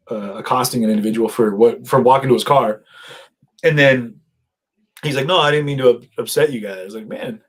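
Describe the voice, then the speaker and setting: A man with a husky, slightly breathy voice hosts a casual livestream from his home setup. He rambles, chats with viewers and laughs at himself, and his voice sits in an ordinary middle pitch. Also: poor audio. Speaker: livestream host. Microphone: headset.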